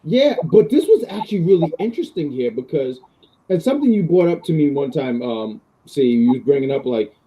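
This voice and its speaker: A man co-hosting a casual chat podcast, animated and often laughing as he acts out lines. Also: a little high, brisk, poor audio. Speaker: podcast co-host.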